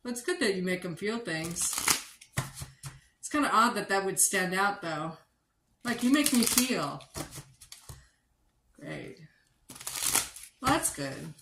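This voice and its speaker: A woman reads tarot cards on a livestream, unhurried, unfiltered and sarcastic. She swears freely as she works through the spread. The sound is roomy and echoey with clear background noise. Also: medium pitch, lively intonation. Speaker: tarot reader.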